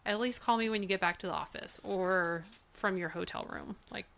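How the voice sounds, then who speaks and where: A middle-aged woman co-hosting a casual podcast chat, relaxed and quick to laugh. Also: medium pitch, vocal fry. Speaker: podcast co-host.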